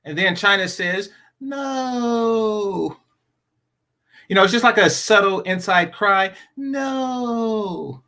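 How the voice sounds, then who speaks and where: A man's voice: sits high, flat delivery, brisk, hardly any pauses, sharp tone. A man hosting a live-stream talk show, giving blunt, rambling commentary with many repeated words. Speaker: show host.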